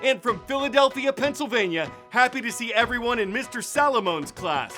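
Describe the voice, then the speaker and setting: A man hosting a news show, reading scripted narration in a crisp, measured delivery. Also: very high-pitched, animated, pushed and bright, soft background music.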